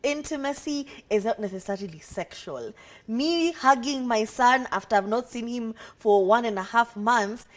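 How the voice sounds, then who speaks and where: A woman's voice: a little high, normal speed. A young woman, co-hosting a casual advice chat, firm and emphatic as she gives advice. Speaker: talk show co-host.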